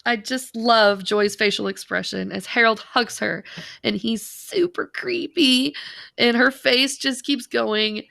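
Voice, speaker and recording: Gravelly-voiced woman co-hosting a podcast. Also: a little high, slow, pushed and bright, no echo. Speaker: podcast co-host. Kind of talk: casual review chat.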